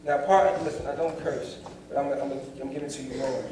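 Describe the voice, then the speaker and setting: A man's voice: mid-range voice, a little fast, a little hiss or hum. A young man telling his life story at a motivational seminar, acting out the dialogue and calling out to the crowd. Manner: animated, acts out dialogue, addresses the crowd directly. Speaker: motivational speaker. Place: large performing arts hall. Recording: echoey hall, distant mic, faint ambience.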